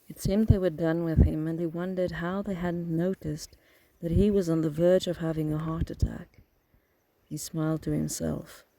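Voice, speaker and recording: Guy reading an audiobook, flat steady delivery, gravelly dark voice, dry. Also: fairly high pitch, poor audio. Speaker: audiobook narrator. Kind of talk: scripted narration.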